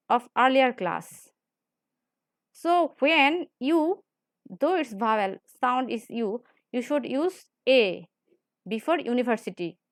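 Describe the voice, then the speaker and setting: A woman's voice: high-pitched, no echo, studio quality. A woman teaching grammar in a classroom lecture style. She repeats points and often checks in with "right?". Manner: repetitive, explains slowly with frequent "right?".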